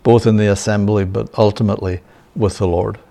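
A man's voice: on the low side, little pitch movement, a little fast, creaky, warm tone. A man giving a sermon-style Bible lesson, often checking in with "yeah?" and "right?" and chuckling. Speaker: Bible teacher.

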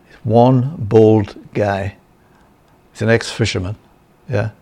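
A man's voice: fairly low pitch, steady tone, slow, mellow. A man giving a sermon-style Bible lesson, often checking in with "yeah?" and "right?" and chuckling. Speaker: Bible teacher.

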